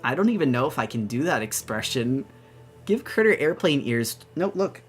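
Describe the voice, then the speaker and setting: Bubbly young woman streaming with animated pitch. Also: normal speed, soft background music. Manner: bubbly, gushing, rambling with restarts. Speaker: VTuber streamer. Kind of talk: excited casual live-stream chat.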